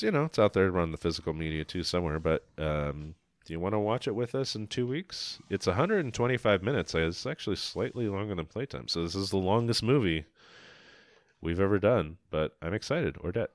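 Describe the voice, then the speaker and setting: Low, smooth-voiced man chatting casually. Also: moderate pace, no room sound. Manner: enthusiastic, profane, rambling. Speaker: podcast co-host. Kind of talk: casual film podcast chat.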